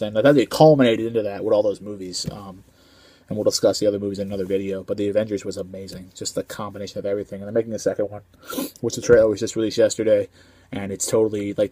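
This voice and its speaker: A man's voice: on the low side, mellow. A man giving a casual, rambling movie review, full of slang and filler ums.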